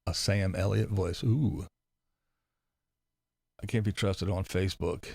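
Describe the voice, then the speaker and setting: Wry, gravelly-voiced man chatting to chat. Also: low voice, fairly even intonation, a little slow, a little mellow, dry recording, studio quality. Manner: wry, rambling, sarcastic. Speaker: livestream host. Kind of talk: casual chat reading live comments. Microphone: close desk mic with headphones.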